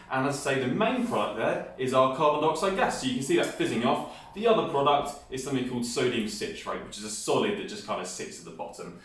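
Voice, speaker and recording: A man presenting a hands-on science experiment, explaining each step with enthusiasm. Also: mid-range voice. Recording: echoey room, mic at a distance.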